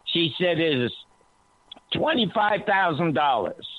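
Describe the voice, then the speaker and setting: A man on a talk radio show telling an animated story, his voice climbing high when he quotes himself. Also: unhurried, dry recording. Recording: tinny phone-line sound, dry.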